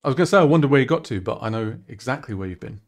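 A musician live streams his song production, chatting casually, thinking aloud, and poking fun at himself. His mid-range voice is animated and very fast.

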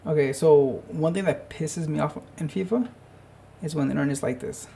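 A young gaming channel host gives live, casual and profane commentary while playing a football video game, muttering and grumbling to himself about lag. His voice is fairly high, gravelly and warm at normal speed, and he swears in frustration over slight background noise.

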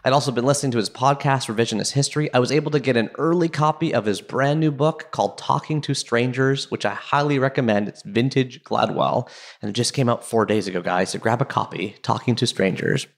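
Chatty excitable male podcast host. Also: medium pitch, brisk, vocal fry. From Canada. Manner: excitable, chatty, self-deprecating, many fillers. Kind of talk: casual storytelling intro.

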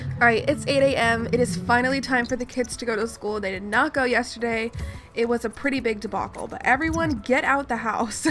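A woman with a slightly high voice gives casual, chatty commentary while she plays a game. She talks in a mock-exasperated way and scolds the characters on screen. Clear background music runs under her voice. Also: fairly quick. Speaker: gaming channel host.

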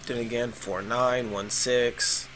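A young man commentating his own online match, exasperated, swearing and yelling at his teammates. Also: mid-range voice, fairly even intonation, slow pace, a little hiss or hum. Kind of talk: frustrated live gameplay commentary. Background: game music.

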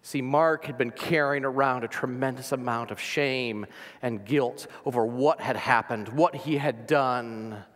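A man preaching a sermon as pastor, earnest, sometimes dropping to a soft near-whisper for emphasis. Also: medium pitch, a little slow, in a large hall.

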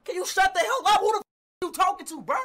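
A man's voice: extremely high pitch, fast talker, pushed and bright, no room sound. A man voicing a hot-headed young cartoon streamer who snaps back in irritation. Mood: angry.

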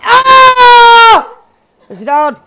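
A woman giving loud, excitable, swearing commentary over her gameplay, laughing often. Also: extremely high pitch, very slow, slight background noise. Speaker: gaming streamer.

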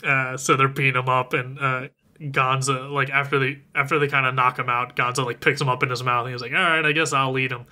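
A man's voice: medium pitch, level tone, fairly quick, sharp tone. A man co-hosting a podcast, casually retelling a movie's plot and acting out the characters' lines. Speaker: podcast co-host recapping a film. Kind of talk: casual chat.

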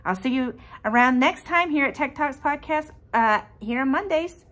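A woman hosting her own podcast, telling a personal faith story in an animated, emotional way and talking straight to her listeners. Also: sits high, moderate pace, a little hiss or hum. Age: adult parent. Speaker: podcast host.

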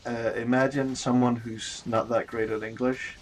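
A man's voice: medium pitch, level tone, normal speed, slight background noise. A man from Denmark, a native Danish speaker with a Danish accent, chatting casually while streaming a game. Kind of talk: casual gaming chat.

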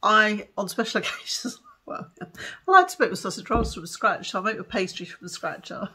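A tired woman, chatting excitedly to camera in a home vlog and giggling often. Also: mid-range voice, normal speed, slightly rough. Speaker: vlogger. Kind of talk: casual chat to camera.

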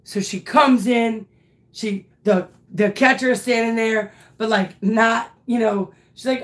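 Slow-talking woman coach telling a story. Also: a little high. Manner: animated, emphatic, swears casually. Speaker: softball coach and teacher. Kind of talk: casual storytelling vlog.

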